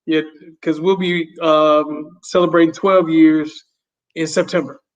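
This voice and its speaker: A man who is a guest on a podcast, talking in a reflective, halting way and often repeating his words as he chats casually. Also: on the high side, flat delivery. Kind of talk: casual conversation. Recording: dull lo-fi sound.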